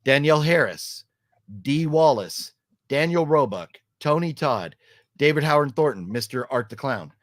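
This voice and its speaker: This middle-aged man hosts a casual vlog where he reviews a horror movie trailer, rambling through his opinions with plenty of ums and restarts. His voice sits on the high side with lively intonation at a normal speed. He acts out quoted lines as he tells the story, recorded in clean studio sound with no room noise.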